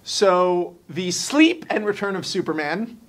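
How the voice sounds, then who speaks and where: A man telling a story for laughs, excitable and profane, often breaking into shouts. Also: sits high, a little slow. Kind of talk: comedic storytelling. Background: music.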